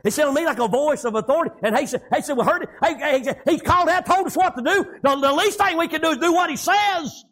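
Preacher man, very high voice, fiery sermon delivery with amens. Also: animated, fast talker, few pauses. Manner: preaching with frequent amens, shouting out lines then dropping low.

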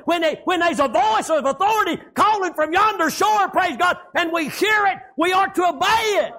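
Preacher man, very high voice, fiery sermon delivery with amens. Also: big pitch swings, normal speed, few pauses. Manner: preaching with frequent amens, shouting out lines then dropping low.

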